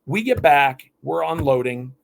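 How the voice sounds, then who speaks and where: Fifties guest, new england guy, lively storyteller, voice sits a bit high, trips and restarts a lot. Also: a little slow, gravelly. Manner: animated, lively anecdotes with restarts. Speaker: podcast guest. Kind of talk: storytelling in a casual interview.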